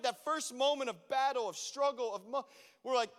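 High-voiced pastor preaching in an echoing church. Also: male voice, brisk, clean tone. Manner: animated, acts out prayers to God. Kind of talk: sermon. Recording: long reverb of a church hall.

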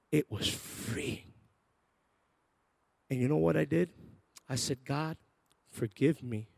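A man preaching a sermon built around a personal story, swinging between loud bursts and quiet, intimate asides, and acting out the voices of people in his story. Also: medium pitch, gravelly, no room sound.

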